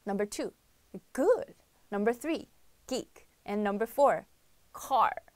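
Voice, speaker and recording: A young woman from South Korea hosting a live-stream quiz show, chatting bubbly and reading out viewer comments with excited outbursts. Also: mid-range voice, slow pace, dry recording.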